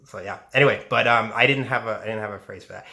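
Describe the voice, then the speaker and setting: A man's voice: lowish voice, fast talker, vocal fry, sharp tone. A young man hosting a casual solo podcast, talking in a rambling way full of restarts and asides. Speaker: podcast host.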